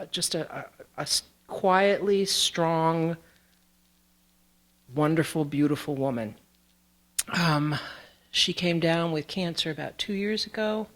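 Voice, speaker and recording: A woman with a lowish voice speaks at a very slow, unhurried pace. She addresses a theater audience gently, with halting pauses, as a community theater board president. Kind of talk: speaking at an awards event.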